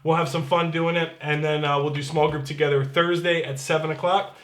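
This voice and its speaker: A man's voice: on the high side, little pitch movement, a little fast, a bit bright, roomy sound. A man serving as pastor, giving casual church announcements in an upbeat, chatty way and reading scripture aloud.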